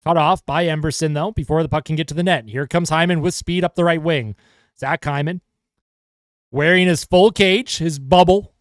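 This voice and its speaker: Excited male fan calling hockey play-by-play. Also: fairly high pitch, moderate pace, no echo, studio quality. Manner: excited play-by-play, chatty asides to viewers. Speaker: fan commentator livestreaming a game. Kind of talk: casual play-by-play commentary.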